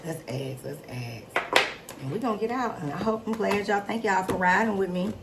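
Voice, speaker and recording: A middle-aged woman giving a casual tarot reading on her channel, chatty and excitable, talking straight to her viewers. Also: medium pitch, normal speed. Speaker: tarot reader and channel host. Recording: noisy background hiss.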